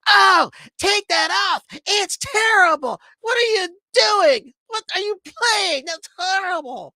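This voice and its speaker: A man putting on the voice of an upset woman yelling complaints at him. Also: very high voice, animated, slow pace, no echo, voice pushed up, heavily acted. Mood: outraged. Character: upset woman, shrill and indignant.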